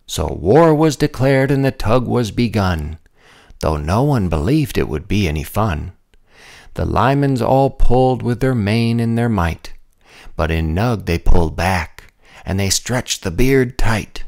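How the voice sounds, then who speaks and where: Man, picture-book read-aloud, sing-song rhyme, unhurried, low voice. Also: animated, gravelly, darkish tone. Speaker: storybook reader.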